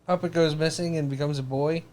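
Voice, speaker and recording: A man with a fairly high speaking voice, talking loosely on a comedy podcast. He is chatty and quick to make fun of himself. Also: steady tone, darkish tone. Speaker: podcast co-host. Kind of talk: casual comedic banter.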